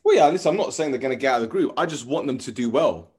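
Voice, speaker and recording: A man's voice: medium pitch, expressive, very fast, a little mellow, breathy edge. A man in a casual football podcast, chatty and opinionated, teasing his co-host.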